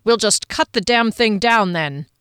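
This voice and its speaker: A woman voicing a blunt, gruff human male fighter, exasperated, as an audiobook character voice. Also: mid-range voice, lively intonation, measured pace, a bit bright, dry recording, clean studio sound.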